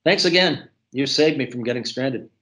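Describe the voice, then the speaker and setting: A man's voice: mid-range voice, moderate pace, pushed and bright, close to an everyday voice. A man doing a polite Canadian traveler. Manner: polite, easygoing.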